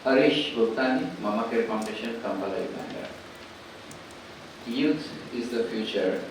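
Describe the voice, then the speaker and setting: A man in the audience giving brief earnest, measured remarks. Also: fairly low pitch. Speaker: audience member. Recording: echoey hall, distant, background noise.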